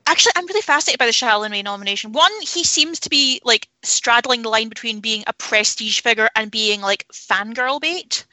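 A woman's voice: a little high, a little fast, hardly any pauses, pushed and bright, no room sound, poor audio. A woman talking candidly about films in a casual podcast chat, opinionated and swearing freely. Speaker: film podcast panelist.

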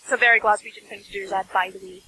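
Scottish woman, podcast co-host, wry, self-mocking, bright clear tone. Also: mid-range voice, lively intonation, quick pace, slight background noise, poor audio. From Scotland, near Dundee. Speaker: podcast co-host, book reviewer. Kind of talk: casual podcast chat.

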